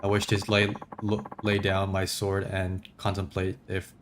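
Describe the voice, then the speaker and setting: A man's voice: low-pitched, completely flat delivery, unhurried, noisy background. A man voicing a young foreign samurai student, speaking in a polite, formal, earnest way.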